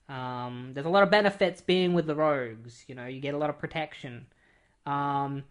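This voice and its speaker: A comic book reviewer giving a casual plot recap, chatty and full of fillers, with offhand asides. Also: medium pitch.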